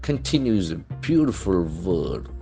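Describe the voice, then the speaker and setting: A man's voice: low voice, sing-song, a little slow, vocal fry, dark tone, faint music behind. A man teaching English vocabulary from the newspaper, spelling words letter by letter and explaining how each is pronounced. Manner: explains pronunciation and meanings methodically. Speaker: English language trainer.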